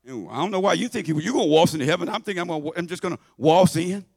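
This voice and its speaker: A man preaching a sermon in church, folksy and conversational, swinging from shouts to low asides. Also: expressive, racing, creaky, slightly rough, no echo, studio quality. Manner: shouting and half-singing at high points, then dropping to low asides; conversational, folksy, with repetitions and laughter.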